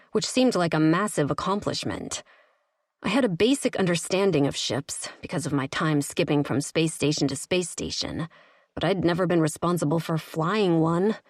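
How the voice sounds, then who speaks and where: A woman with a low, darkish voice narrates a romance audiobook in the first person. It's studio-quality audio with no room sound.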